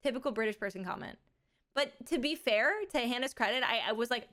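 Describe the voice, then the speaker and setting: A woman's voice: fairly high pitch, brisk, a bit bright. Young woman, slight lisp, chatty livestream talk, giggles a lot, stretches words out. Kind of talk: casual chat to a live audience.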